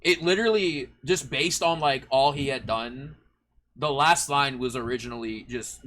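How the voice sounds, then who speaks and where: Bright-voiced man, halting and hesitant. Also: medium pitch. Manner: halting, full of restarts and fillers. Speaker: band member, lyricist. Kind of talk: casual chat on a live stream.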